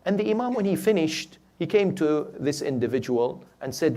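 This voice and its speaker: Animated, emphatic male preacher. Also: fairly high pitch, moderate pace. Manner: emphatic, poses rhetorical questions to the audience; swings between loud urging and quiet storytelling. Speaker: sheikh, preacher. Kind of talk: Muharram night sermon.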